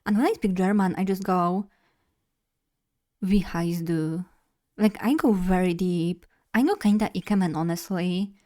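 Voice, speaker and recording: Mid-range and mellow, this young woman's voice carries easygoing live-stream chatter. A native Polish speaker, she's chatty and a bit rambling, often laughing at herself.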